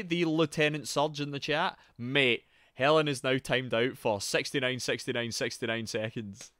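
Excitable Geordie man streaming a game. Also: mid-range voice, moderate pace, no room sound, studio quality. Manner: excitable, swearing, yelling at the game. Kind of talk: live gameplay commentary.

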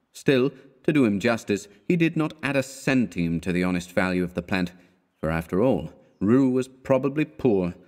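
Low-voiced male audiobook narrator. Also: darkish tone. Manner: measured, lifts his pitch for quoted characters. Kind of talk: scripted narration of a classic horror story.

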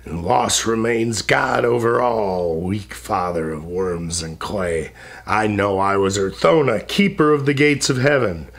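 A man voicing a furious, proud male god in a slow, defiant declamation. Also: medium pitch, gravelly.

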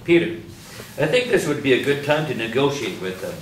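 Man playing wry cartoon dog, deadpan, echoey room, mic far off. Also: medium pitch, a little fast, natural voice. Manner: dry, sarcastic. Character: dry, sardonic talking dog. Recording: echoey room, distant mic, faint hiss.

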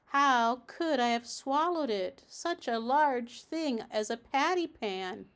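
A woman's voice: a little high, animated, slow pace, fairly bright tone, full character voice. A woman voicing an anxious, polite little female dog in a storybook reading, in a fretful, genteel manner.

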